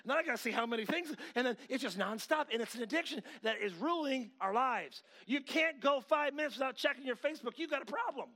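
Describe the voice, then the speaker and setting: A middle-aged man preaching a sermon, animated, swinging between loud outbursts and quiet asides, often acting out quoted voices. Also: very high-pitched, quick pace, few pauses. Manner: acts out quoted voices mid-story.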